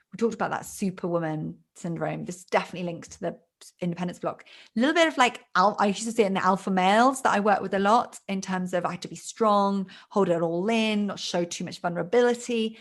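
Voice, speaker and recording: Gravelly-voiced woman business coach. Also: on the low side. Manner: energetic, explaining with lists and examples. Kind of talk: podcast interview.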